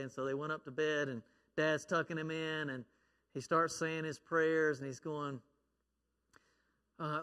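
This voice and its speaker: Bright-voiced male preacher in a hall. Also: fairly high pitch, steady tone, unhurried. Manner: storytelling, acts out a child's shouting prayer. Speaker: pastor. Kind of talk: sermon.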